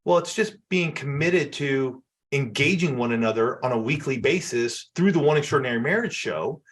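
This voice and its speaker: A man who is a guest on an interview, speaking in a reflective, steady way and listing everyday examples. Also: mid-range voice, moderate pace. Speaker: podcast guest, married co-host of a marriage show. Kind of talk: casual interview chat.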